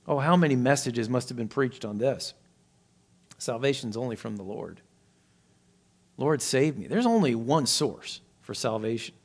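A man preaching a sermon, acting out Bible characters with lifted voice and dropping to a hush for emphasis. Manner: expressive preaching, voicing Bible characters with rising pitch and volume; drops to a soft hush for emphasis. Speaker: pastor.

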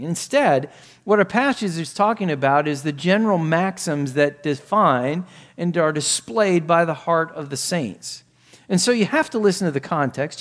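A man preaching a sermon, explaining a scripture passage in an earnest, conversational way and asking his listeners questions. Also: fairly high pitch. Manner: earnest, explanatory, shifts to quiet prayer. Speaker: pastor.

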